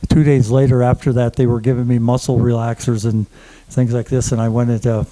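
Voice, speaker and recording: A man giving a halting personal testimony to a conference audience, full of fillers and restarts. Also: mid-range voice, little pitch movement, mellow, rough recording. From German family. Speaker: conference speaker. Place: conference room before an audience.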